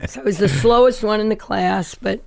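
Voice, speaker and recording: A middle-aged woman recounts her past as a guest in an interview. Her voice sits at an ordinary pitch and sounds dry and close, with no room around it. She tells the story with energy and slips into the voices of the people she quotes. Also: a little fast, vocal fry, darkish tone, no room sound.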